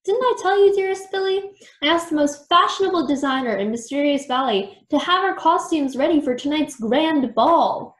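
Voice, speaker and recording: A woman's voice: animated, moderate pace, reverberant. A woman voicing a bossy, theatrical gothic mouse lady. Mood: bossy dramatic. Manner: dramatic, exclaiming, high-pitched.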